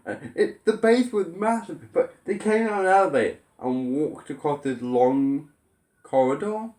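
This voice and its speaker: A man's voice: medium pitch, darkish tone, echoey room. A man ranting in an exasperated, sarcastic way as a vlogger. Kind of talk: ranting commentary.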